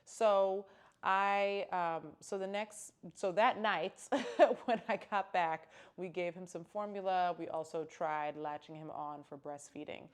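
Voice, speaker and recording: A woman's voice: on the low side, steady tone, takes it slowly, clean tone. A young woman telling a personal story in a casual, candid vlog, with emphatic exclamations. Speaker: vlogger.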